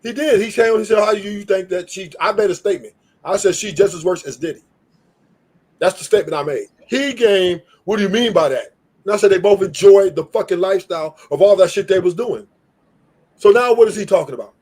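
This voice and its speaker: A man's voice: high voice, quick pace, darkish tone. A man on a live stream arguing heatedly, profane and combative, often repeating himself.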